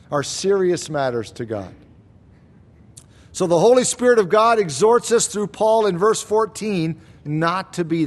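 A man with a high voice preaches a sermon to his congregation. He teaches in a measured, deliberate way and draws out key words for emphasis. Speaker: pastor.

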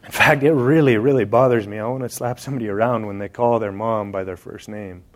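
A man's voice: fairly low pitch, fairly even intonation, quick pace. Guy preaching a sermon, chatty and jokey, talks right to the crowd. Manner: conversational and joking, addressing the congregation directly.

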